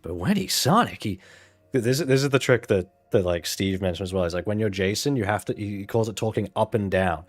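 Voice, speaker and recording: A man's voice: on the low side, lively intonation, a little fast. Rambling man chatting over gameplay. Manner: rambling, filler-heavy, frank. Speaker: gaming channel host. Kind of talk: casual commentary while playing a game.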